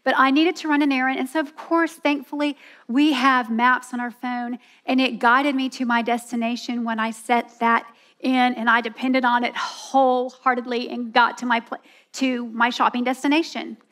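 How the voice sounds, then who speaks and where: A woman's voice: on the high side, level tone, normal speed, a bit bright. A woman giving a sermon at a women's church event, earnest and telling a personal story. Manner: earnest, storytelling, acts out voices with laughs.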